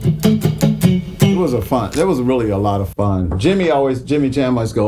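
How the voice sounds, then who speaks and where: A man's voice: mid-range voice, moderate pace, faint music behind. A man in his sixties telling casual, profane stories as an interview guest, acting out the voices of people in his stories. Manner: profane, animated, acts out others' voices. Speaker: guitarist guest.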